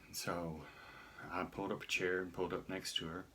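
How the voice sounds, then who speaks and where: A middle-aged man telling a personal story in a halting way, often restarting his sentences. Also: sits low, flat delivery, fairly bright tone, slight background noise.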